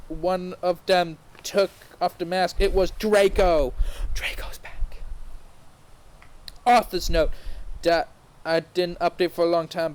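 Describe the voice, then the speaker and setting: A man's voice: fairly high pitch, darkish tone, slight background noise. Man stumbling through a mock-dramatic reading. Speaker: podcast host reading aloud.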